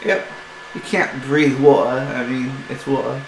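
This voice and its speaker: A man's voice: medium pitch, fairly even intonation, a little slow, vocal fry. A man running a tabletop game as game master, narrating in a casual, loose way with many fillers. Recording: echoey room with some noise.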